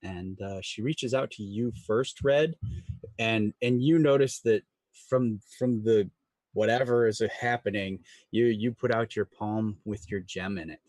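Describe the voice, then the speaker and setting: Man running a tabletop game, hesitant, low voice, slow, dry sound. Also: a little mellow, no room sound. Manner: hesitant, many fillers and repeated words. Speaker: game master.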